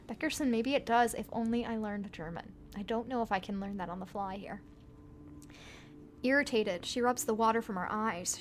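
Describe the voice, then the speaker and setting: A woman with a slightly high voice reads an interactive story aloud, making playful jokes between passages and laughing often. There's slight background noise.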